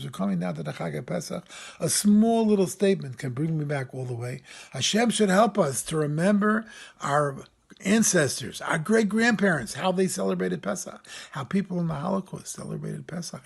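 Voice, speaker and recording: Man, camp rabbi, storytelling sermon, husky, a bit high-pitched, animated. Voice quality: gravelly, husky. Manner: animated storyteller, voice rising for quoted speakers.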